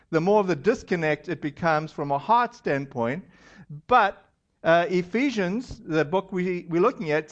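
High-voiced pastor with halting delivery. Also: male voice, highs cut off. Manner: halting, conversational, many fillers and restarts. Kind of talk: sermon. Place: church.

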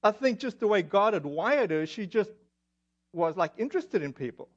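A man's voice: high-pitched, sing-song, moderate pace. A man from South Africa with a South African accent, preaching a sermon in a chatty, self-deprecating way with many fillers. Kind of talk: sermon with personal stories. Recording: dull lo-fi audio.

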